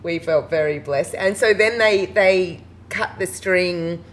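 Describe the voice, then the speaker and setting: A woman's voice: on the low side, takes it slowly, rough recording. A woman in her forties, a wedding and funeral celebrant, telling stories in a chatty interview and laughing often. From Australia. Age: 40s. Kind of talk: casual interview chat.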